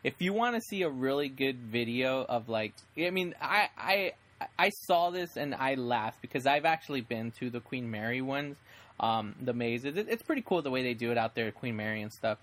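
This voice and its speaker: A man's voice: medium pitch, animated, normal speed, a bit bright. A young man hosting a casual podcast, rambling enthusiastically with frequent restarts. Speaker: podcast host. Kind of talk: casual chat.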